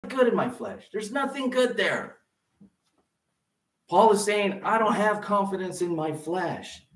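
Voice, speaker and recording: A man's voice: sits high, lively intonation, unhurried, a bit bright, far from the mic. A male pastor giving a conversational sermon in a church, acting out the voices he quotes. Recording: echoey room, voice off-mic.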